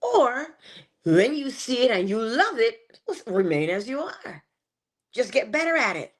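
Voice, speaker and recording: A woman giving a motivational morning talk, animated and playful, with chatty asides. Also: on the high side, unhurried. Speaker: inspirational speaker.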